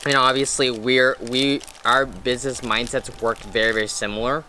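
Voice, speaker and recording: A man's voice: medium pitch, steady tone, normal speed, sharp tone, faint music behind. A young man, a podcast co-host, telling a story in casual chat, rambling with lots of restarts and slang. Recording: faint background noise.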